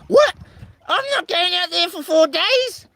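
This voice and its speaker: An indignant young woman refusing a long trip, her voice jumping up high into a protesting whine, as a man mimics her. The delivery is close and dry, with no room sound around it. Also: expressive, measured pace, vocal fry, sharp tone, no room sound, exaggerated voice. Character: his indignant female partner, young adult woman.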